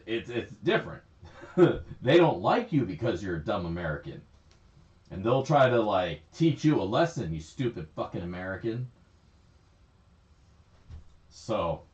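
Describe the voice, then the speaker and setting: A man's voice: medium pitch, a little mellow. Rambling, laughing male streamer. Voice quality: rambling, laughing, swears freely. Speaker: livestream host. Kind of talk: casual livestream chat. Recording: echoey, slightly dull stream audio.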